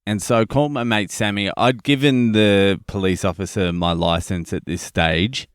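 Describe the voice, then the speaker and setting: A man's voice: on the low side, normal speed, clean tone, dry recording, clean studio sound. A man with an Australian accent, hosting a podcast and telling a story in a blunt, profane, casual way. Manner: profane, blunt, animated retelling. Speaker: podcast host.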